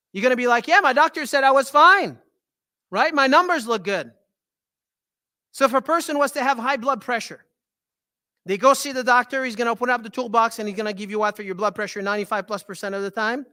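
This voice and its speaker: A man with a French Canadian accent gives an animated health talk to a live audience. His voice sits very high and sounds bright and forceful. He keeps tossing questions back to the room. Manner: animated, repeats "right?" to the audience. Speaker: holistic health doctor giving a talk.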